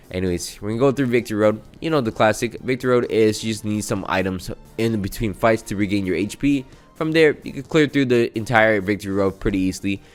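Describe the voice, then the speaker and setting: A man with a low voice recaps a video game run in a casual voice-over. He is chatty and self-mocking, rattling through each battle move. Soft music plays faintly behind him. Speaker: gaming channel host. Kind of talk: casual gameplay recap commentary.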